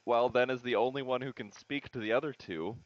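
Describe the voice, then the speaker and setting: A man's voice: mid-range voice, a little fast, dry recording. A man playing a tabletop game, laughing a lot and swearing in casual chat. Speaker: player. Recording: dull lo-fi mic.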